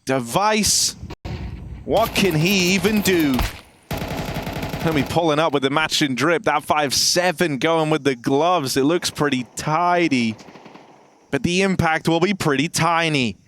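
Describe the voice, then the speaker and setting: A man's voice: a little high, a little slow, fairly bright tone, a little hiss or hum. A man casting live esports matches, playful and joking with his co-casters.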